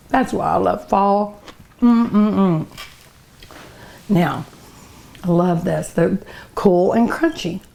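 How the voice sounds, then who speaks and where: Unhurried middle-aged woman, cooking show host, tasting and humming. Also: medium pitch, creaky, mellow. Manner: savoring food aloud with many hums.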